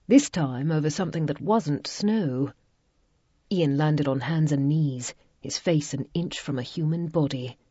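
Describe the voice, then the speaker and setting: A woman reading a romance audiobook in a measured, even narration. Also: sits low, husky, dry recording. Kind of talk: scripted narration. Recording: dull lo-fi recording.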